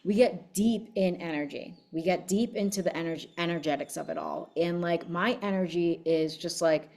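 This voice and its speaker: A woman's voice: fairly low pitch, moderate pace, creaky, darkish tone. A woman giving a casual motivational talk as a business coach, telling her story in a blunt, fiery, profane way. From United States.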